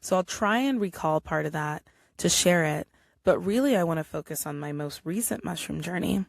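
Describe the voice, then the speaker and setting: A young adult woman hosting her own podcast, telling a personal story in a chatty, animated way and acting out quotes. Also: on the low side, normal speed, creaky, no echo, studio quality. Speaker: podcast host. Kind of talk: casual solo podcast storytelling.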